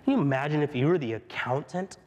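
A man delivers a sermon, telling stories with animated energy, frequent laughter and restarted phrases. His voice sits high for a man. A long reverb from a large hall trails every line. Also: quick pace, lo-fi sound, noisy background. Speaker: pastor.

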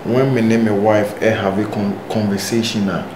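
A man's voice: fairly low pitch, little pitch movement, moderate pace, close to an everyday voice. A man with a Ghanaian accent playing a young man confronting an older woman, in a web drama. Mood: stern. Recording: echoey room with noise.

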